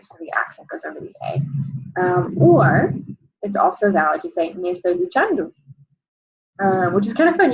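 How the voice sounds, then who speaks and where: A young adult woman, a Spanish teacher, walking students through an exam review and filling pauses with frequent "um"s. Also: mid-range voice, breathy edge, dull audio. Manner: explanatory, many "um" fillers.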